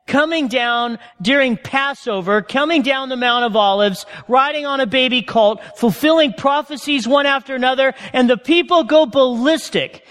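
A man preaches in a loose, chatty sermon style, checking in with his listeners through frequent questions. His voice sits very high for a man. The sound carries a long reverb tail, as in a large hall. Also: a bit bright. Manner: conversational, asks the audience questions. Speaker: pastor.

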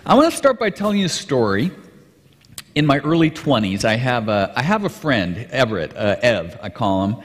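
A man, a pastor, telling a story in a sermon in an animated, conversational way, heard in a large hall with long reverb. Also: medium pitch, brisk, few pauses.

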